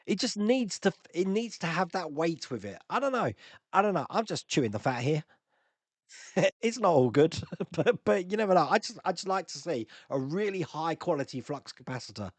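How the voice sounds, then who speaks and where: A man's voice: a little high, sing-song, normal speed, no room sound. A man hosting a casual live-stream Q&A, chatting and laughing as he answers viewer comments.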